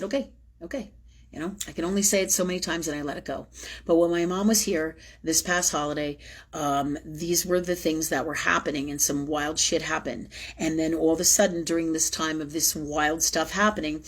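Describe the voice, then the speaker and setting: Woman, spiritual livestream host; low, husky voice, intense confessional monologue with blunt swearing. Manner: emotional, intense, swears freely; repetitive, emphatic phrasing.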